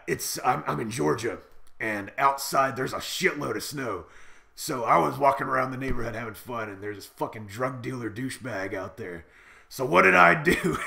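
A man's voice: mid-range voice, creaky, sharp tone. A man rambling through a profane, boastful comedic monologue to camera, full of swaggering bravado. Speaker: comedy vlogger in character.

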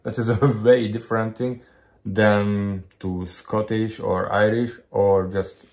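A man co-hosting a casual vlog, adding slow, measured remarks. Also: lowish voice, little pitch movement, creaky, a little mellow. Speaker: co-host, husband. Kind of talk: casual chat.

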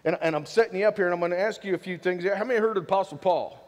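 High-voiced pastor in a reverberant church. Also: male voice, very fast. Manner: lively, preachy delivery with repeated rhetorical questions to the congregation. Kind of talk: sermon. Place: church sanctuary. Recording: long hall reverb in a church.

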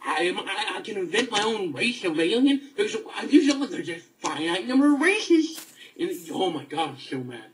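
A man angrily ranting about a video game, stammering and repeating himself as he swings between outbursts and low muttering. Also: poor audio. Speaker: video gamer. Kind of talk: angry ranting vlog.

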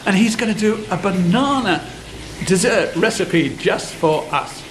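Speaking to his viewers at a measured pace, this sixty-something Briton runs a cooking vlog in a voice that sits high. His casual chat to camera is eager, talkative and meandering. Background noise and echo fill the room.

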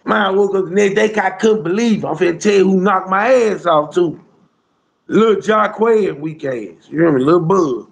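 A man's voice: high-pitched, moderate pace, creaky. A man telling a rambling street story in casual slang, with lots of "bro" and "you hear me" along the way. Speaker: storyteller guest.

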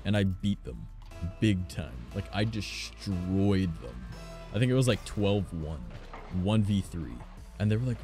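A young man with a deep voice talks casually while he plays online, his pitch jumping widely as he reacts to the match. He swears freely and tells animated stories between plays. Faint background music runs under his voice. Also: normal speed. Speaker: streamer. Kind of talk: casual gameplay chat.

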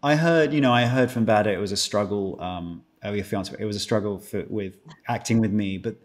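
A man with a British accent and a lowish voice speaks fairly quickly as a guest actor on a podcast, recording from a room at home. He jokes dryly at his own expense, chuckles often, and rambles through restarted sentences in casual chat.

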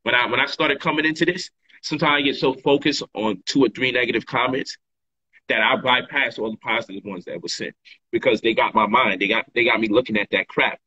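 A man's voice: mid-range voice, steady tone, fairly quick, sharp tone, slightly rough, highs cut off. A man hosting a casual livestream monologue, emphatic and repetitive in his talk, full of slang. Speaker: livestream host and author.

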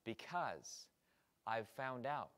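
A middle-aged man teaching an entrepreneurship workshop, lecturing with energy and acting out quoted emails and questions in lively voices. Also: medium pitch, takes it slowly. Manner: animated, acts out quoted emails and students' questions. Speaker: entrepreneurship instructor.

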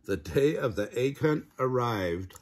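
An older man, a grandfather, reading a children's picture book aloud with gentle asides. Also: mid-range voice, lively intonation, a little slow. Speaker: storybook reader.

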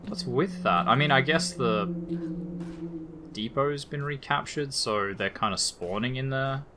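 A man's voice: mid-range voice, measured pace, bright, forceful tone, slight background noise. A man with an Australian accent giving casual, rambling, lightly profane commentary while playing a video game. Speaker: let's play gamer.

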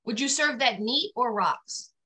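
Give me a bright, animated woman with a New York accent, a guest teasing the hosts over a video call. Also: a little high, unhurried, breathy edge. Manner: lively, teasing questions. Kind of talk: casual chat.

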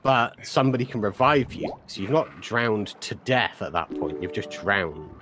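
A man's voice: fairly low pitch, animated, moderate pace. Chatty English man gaming. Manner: rambling, self-interrupting, laughs often. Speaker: let's play host. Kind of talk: casual gameplay chat.

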